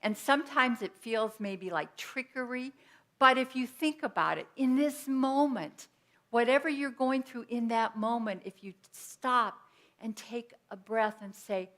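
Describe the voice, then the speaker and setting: A woman's voice: fairly high pitch, a little slow, a bit bright. A woman minister giving an earnest, personal sermon in a conversational teaching style with everyday examples.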